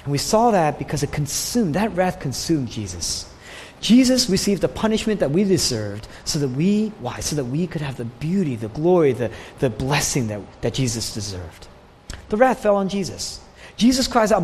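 A male pastor preaching a sermon, swinging from loud declarations down to hushed near-whispers. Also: a little high, sing-song, normal speed, a little hiss or hum. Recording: long hall reverb with faint ambience.

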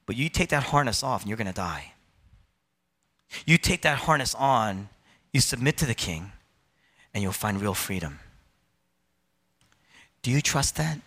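A pastor in his thirties preaches a sermon, firing off rhetorical questions and acting out complaints in other voices. His voice is mid-range and a bit bright.

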